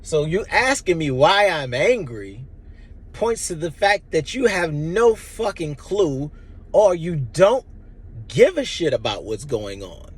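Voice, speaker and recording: A man's voice: fairly high pitch, big pitch swings, slow pace, breathy edge. A man in his thirties giving an impassioned, blunt personal monologue, emphatic and profane. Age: 30s. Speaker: vlogger.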